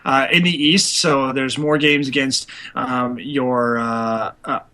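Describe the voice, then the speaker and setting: A man's voice: medium pitch, fairly even intonation, slow, pushed and bright. A young man co-hosting a casual hockey podcast, talking loosely with lots of fillers and laughter. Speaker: podcast co-host.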